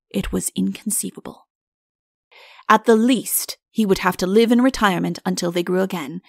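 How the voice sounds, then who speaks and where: A woman's voice: medium pitch, no echo, clean studio sound. A woman narrating a storybook audiobook and acting out the characters in turn. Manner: acts out each character. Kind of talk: storybook reading with character voices.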